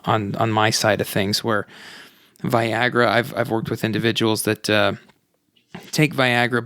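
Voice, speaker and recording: A man hosting a podcast interview, with a fairly low voice recorded close and dry. He listens attentively and drops in brief affirmations. When he speaks at length, he talks in a measured way. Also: a bit bright, no echo. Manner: attentive, many short affirmations. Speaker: podcast host.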